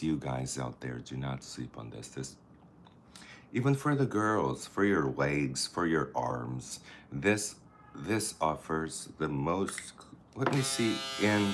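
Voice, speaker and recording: A man's voice: sits low, very animated, a little slow, slight background noise. A man vlogging a get-ready-with-me routine, chatting in a campy, playful way. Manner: chatty, campy, talks to the camera and people nearby. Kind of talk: casual get-ready-with-me chat.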